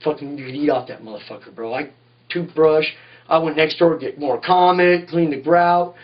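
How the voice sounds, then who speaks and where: A male tattoo artist's casual interview is full of rambling, profane shop tales and repeated "you know what I mean"s. His slightly high voice moves at a normal speed, recorded lo-fi from far from the mic.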